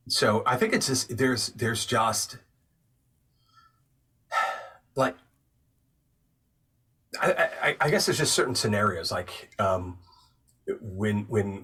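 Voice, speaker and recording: A young man chatting as a podcast guest, an animated storyteller who swings from low mumbling to loud excited bursts. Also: drawn-out words, long pauses, breathy edge, far from the mic. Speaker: podcast guest, actor and narrator. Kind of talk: casual chat.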